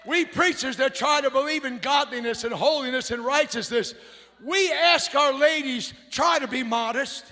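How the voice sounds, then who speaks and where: A man preaching a fiery revival sermon, shouting and whooping in a folksy, rousing way. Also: very high-pitched, normal speed, a faint crowd. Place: church sanctuary.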